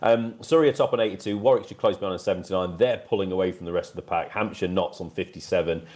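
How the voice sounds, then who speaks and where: Male co-host, very deep voice, casual upbeat scores rundown. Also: fast talker, darkish tone. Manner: reads scores off notes, chatty and upbeat. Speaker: podcast co-host. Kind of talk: casual cricket podcast chat.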